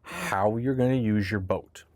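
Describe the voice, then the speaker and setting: A man's voice: lowish voice, animated, unhurried, a little mellow, dry recording. A man casually explaining boat gear in a conversational how-to talk, often checking in with "right?". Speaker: boat owner explaining boat tops.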